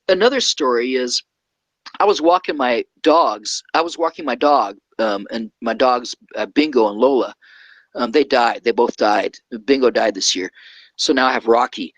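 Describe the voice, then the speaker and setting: A man's voice: medium pitch, a bit bright, no room sound, poor audio. Rambling man telling a story, dry sound. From California. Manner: rambling, keeps adding "okay?". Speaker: guest. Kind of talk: casual storytelling.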